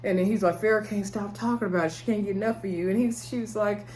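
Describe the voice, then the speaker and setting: A woman recapping a TV episode for her viewers in a chatty, casual way, laughing often and breaking into high-pitched exclamations. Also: steady tone, fast, few pauses, darkish tone, slight background noise. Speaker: TV episode reviewer. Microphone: talking to camera.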